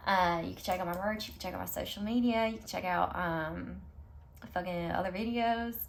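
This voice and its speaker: A woman reads tarot cards for her viewers in a low, even voice, talking to them directly. Her delivery is reassuring and affirming. A faint hiss sits under the recording. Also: moderate pace, gravelly. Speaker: tarot reader. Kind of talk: pick-a-card tarot reading to camera.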